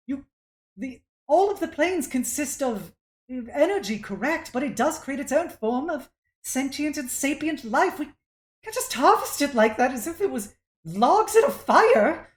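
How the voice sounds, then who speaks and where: A woman voicing a young female construct who pleads with her father, her voice raised high and strained. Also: lively intonation, measured pace, echoey room. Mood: pleading.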